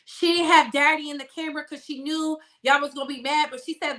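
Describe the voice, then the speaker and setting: Young female gossip host: sassy and emphatic, high register, drags out key words. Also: steady tone, a little fast, hardly any pauses, a bit bright. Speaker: celebrity gossip channel host. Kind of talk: casual gossip commentary.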